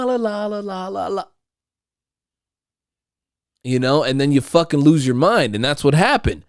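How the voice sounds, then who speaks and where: A man hosting his own podcast from home, talking in a rambling, profane way and getting loud and riled up when he rants. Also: fairly high pitch, clean tone, dry recording, studio quality. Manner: profane, rambling, repeats and restarts. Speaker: podcast host. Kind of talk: casual monologue. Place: at home, household noise nearby.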